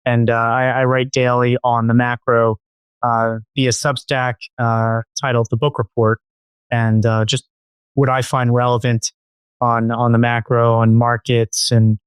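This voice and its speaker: A man's voice: medium pitch, level tone, measured pace, smooth, no room sound. A man guesting on a finance podcast as an investment officer, talking casually with many fillers and restarts and a dry sarcastic edge. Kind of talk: casual interview talk.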